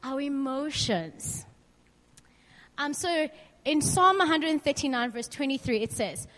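A woman's voice: high voice, expressive, a little slow, fairly bright tone, in a large hall. A young woman giving an informal faith talk to a group, chatty and candid, asking the room questions and sharing personal stories. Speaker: youth speaker.

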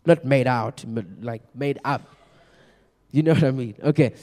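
A young man preaching to a youth group in a chatty, energetic way, often repeating his words. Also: medium pitch, normal speed. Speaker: youth pastor. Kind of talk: youth sermon. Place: large room with a youth audience. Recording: long echo of a large hall.

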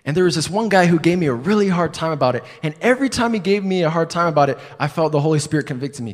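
A man's voice: on the high side, very fast, hardly any pauses. A man preaching a sermon in a church building, telling a personal story in a conversational, self-deprecating way, with rhetorical questions and hesitant restarts. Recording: long hall reverb.

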